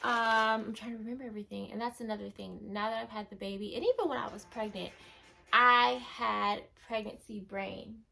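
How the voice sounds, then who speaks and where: A young woman vlogging casually to camera, chatty and animated, acting out past moments in a higher voice. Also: fairly quick, gravelly, rough recording.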